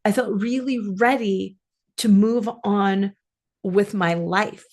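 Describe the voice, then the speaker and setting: A woman's voice: medium pitch, steady tone, slow, darkish tone. Female coach-host type, reflective storyteller, earnest and musing, mid-range voice. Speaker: life coach and podcast host.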